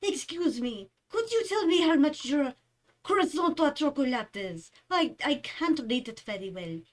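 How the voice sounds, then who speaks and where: A polite French woman customer with a French accent, put on by a woman who is telling a story. Her voice sits a touch high and is pushed up in pitch for the quote. She sounds slightly removed from the mic. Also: sing-song, unhurried. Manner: polite, questioning.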